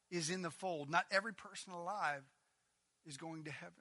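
Male pastor, high and piercingly bright voice, dramatic loud-soft sermon delivery. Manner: preaching with dramatic swings from loud to hushed; stretches key phrases slowly for emphasis.

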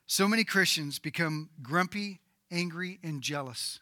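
A male pastor delivering a sermon with a very bright, ringing tone. He swings from loud, emphatic bursts to low, hushed lines. The sound is close and dry. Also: measured pace, no echo. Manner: dynamic preaching, swinging between loud emphatic bursts and low quiet passages.

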